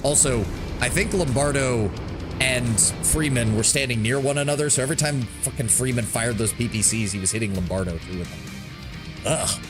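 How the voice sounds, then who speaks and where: A man's voice: mid-range voice, fairly quick. A male streamer giving casual, swearing gameplay commentary with wry reactions. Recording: game music loud under voice.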